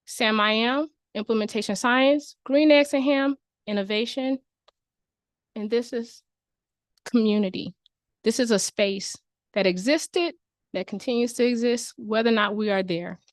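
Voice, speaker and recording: A woman presenting at a symposium, telling a lively story and asking the audience questions. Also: a little high, a little slow, dry recording, studio quality. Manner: animated storytelling, addresses audience. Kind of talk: playful conference talk. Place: conference venue.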